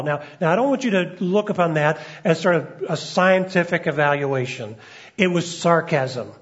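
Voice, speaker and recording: A man's voice: fairly high pitch, animated, moderate pace. A man preaching a sermon as a pastor, conversational, with frequent fillers and restarts. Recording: dull lo-fi recording.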